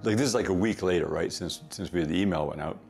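A middle-aged man, a company founder, telling stories in a casual, animated way, often laughing at himself. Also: low-pitched, quick pace, creaky, soft background music. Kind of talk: casual anecdotal storytelling.

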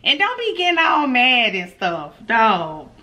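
A woman's voice: on the high side, huge pitch swings, unhurried, bright, forceful tone, slight background noise. A woman food vlogger, chatting casually and nervously to her viewers, laughing often. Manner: nervous, giggly energy. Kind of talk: casual mukbang vlog.

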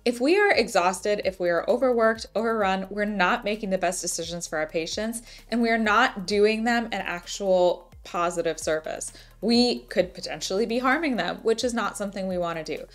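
A woman's voice: medium pitch, normal speed, hardly any pauses. A woman doctor giving casual, explanatory commentary while reacting to a TV episode, chatty and laughing along.

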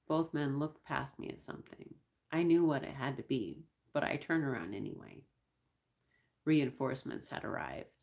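A woman reading a science-fiction novel aloud in first-person narration, measured and wry. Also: rumbling low, creaky, a little mellow. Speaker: audiobook reader.

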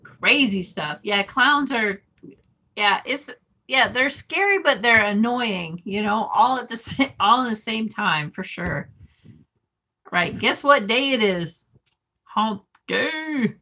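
Woman, live stream host, casual chat, giggly, rambling, reads comments aloud, bright tense voice, slow unhurried talk. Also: fairly high pitch, lively intonation. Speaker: livestream host reading chat.

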